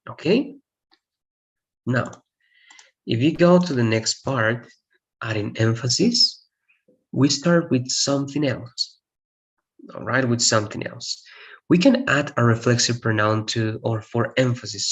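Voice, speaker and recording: Gravelly-voiced man teaching English grammar. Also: mid-range voice, measured pace, long pauses. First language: Spanish. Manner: explains step by step, repeats points, asks "all right?". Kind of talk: grammar lesson.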